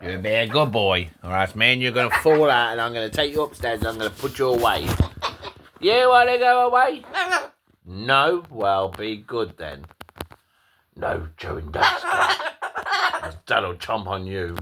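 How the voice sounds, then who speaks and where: This man's voice sits on the low side, bright and forceful, at a moderate pace, with slight background noise. He's a pet owner vlogger at home indoors, filming on a close-held phone camera while he teases, scolds and casually swears at his pet bird.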